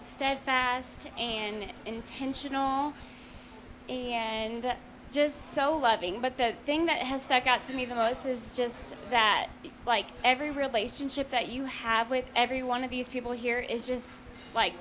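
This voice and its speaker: A woman's voice: a little high, fairly even intonation, measured pace, a bit bright, slight background noise. A young woman giving an earnest, rambling rehearsal dinner toast to her close friend, with many fillers.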